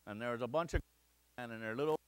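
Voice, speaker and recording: A middle-aged man from Montana's Crow Nation giving a lecture, telling a funny story with lively acted-out shouts and quoted voices. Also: medium pitch, fast talker, no room sound. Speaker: guest lecturer. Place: lecture hall.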